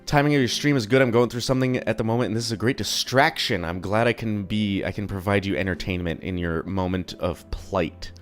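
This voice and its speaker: A young man streams from his desk at home, rambling and swearing casually with a self-deprecating streak. His voice sits a bit low and sounds slightly sick, and faint music plays under him. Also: brisk, hardly any pauses. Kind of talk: casual live-stream chat.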